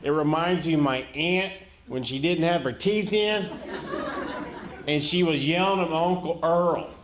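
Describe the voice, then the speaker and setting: A man with a drawl spins a rural story at a slow, easy pace, his voice sitting a little above the usual male pitch. The stand-up is recorded live on a stage mic with clear audience noise all around. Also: crowd noise. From rural Florida. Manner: folksy, unhurried storytelling with laughing punchlines. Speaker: stand-up comedian.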